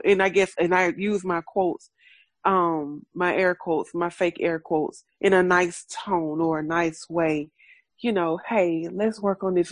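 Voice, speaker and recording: Frank, animated woman with a lilt. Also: lowish voice, no echo. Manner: frank, animated, laughs often, swears freely. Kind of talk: casual chat.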